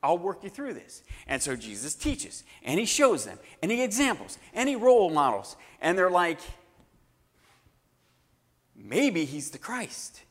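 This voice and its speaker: Animated preacher man in a reverberant hall. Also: high voice, normal speed, hardly any pauses. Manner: animated, acting out quoted voices. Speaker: pastor. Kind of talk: sermon.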